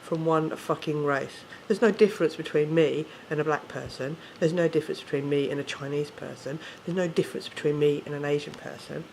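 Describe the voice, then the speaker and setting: A man's voice: fairly high pitch, steady tone, brisk, vocal fry, hardly any pauses, darkish tone, a little hiss or hum. A man with an English accent, ranting casually to camera, swearing often and correcting himself as he rambles. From England. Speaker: vlogger.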